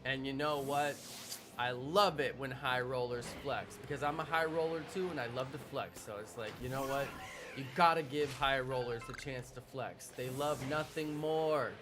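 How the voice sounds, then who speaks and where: A man's voice: mid-range voice, fairly even intonation, moderate pace. A man in his thirties giving chatty, playful live-stream commentary while he plays a game and jokes with his viewers. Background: game music.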